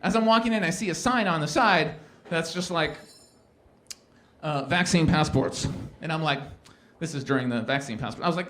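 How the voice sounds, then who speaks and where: A man's voice: fairly high pitch, normal speed. A man doing a stand-up comedy set at a live event, telling stories and acting out the people in them. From Canada. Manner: animated storytelling, acts out quoted characters.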